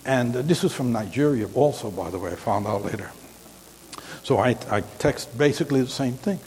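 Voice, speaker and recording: A man's voice: mid-range voice, a little mellow. An older man preaching in an informal, rambling storytelling way, often stopping and restarting. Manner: halting, rambling, frequent restarts. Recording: long hall reverb, faint hiss.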